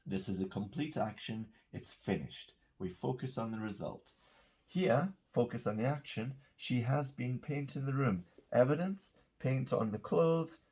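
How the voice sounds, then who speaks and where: Guy teaching grammar, kinda raspy, keeps saying okay?. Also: mid-range voice, darkish tone. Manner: explains patiently, repeats example sentences, checks in with "okay?". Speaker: English teacher. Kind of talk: grammar lesson.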